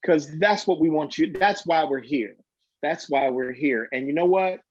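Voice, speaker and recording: A man's voice: on the high side, normal speed. A man hosting a virtual comedy show, speaking directly to the audience in an upbeat way. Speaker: show host. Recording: dry, dull lo-fi stream audio.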